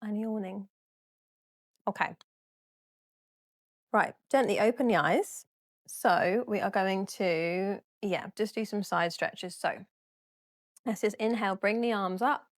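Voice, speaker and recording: A woman's voice: mid-range voice, slow pace, long pauses, no room sound. Young female yoga teacher, casual and giggly, dry close-miked voice. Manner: chatty, giggly, apologetic, yawning. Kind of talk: casual guided yoga class.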